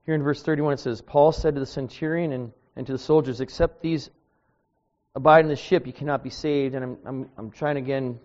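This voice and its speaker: Guy preaching, chatty and storytelling, gets loud when worked up, kinda muffled lo-fi sound. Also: medium pitch, brisk. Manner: conversational, anecdotal, rising and louder when animated. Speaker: street preacher. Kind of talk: informal sermon. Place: church. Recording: dull lo-fi sound.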